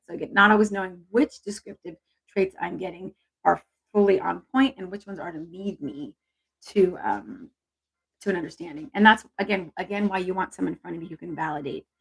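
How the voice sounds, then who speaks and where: Woman doing a chill livestream, kinda raspy gravelly voice, super chatty and affectionate. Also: on the low side. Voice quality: gravelly, husky. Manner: warm, chatty, affectionate with viewers. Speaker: intuitive reader and livestream host. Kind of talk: casual livestream chat.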